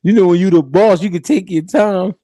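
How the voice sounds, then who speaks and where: A man hosting a show, telling profane, animated comic stories in casual chat. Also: sits high, moderate pace, no echo, clean studio sound. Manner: animated, profane storytelling with impressions. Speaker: host.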